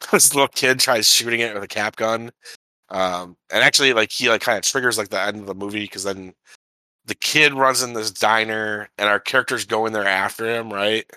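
A man's voice: lowish voice, sharp tone, no room sound. A man co-hosting a film podcast in casual chat, rambling with lots of filler words. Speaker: podcast co-host reviewing a film.

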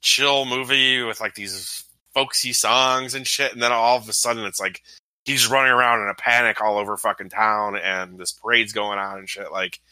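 A man's voice: fairly low pitch, fairly even intonation, normal speed, bright, forceful tone, no room sound, rough recording. A man in a casual, swear-laden conversation about a film, full of fillers and restarts. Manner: loose, profane, filler-heavy. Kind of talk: casual movie discussion.

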